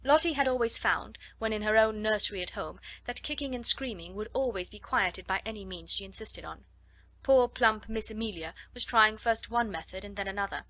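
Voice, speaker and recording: A woman's voice: mid-range voice, fairly quick, dry recording. Woman narrating a classic storybook. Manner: steady storytelling. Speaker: audiobook narrator. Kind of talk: scripted narration.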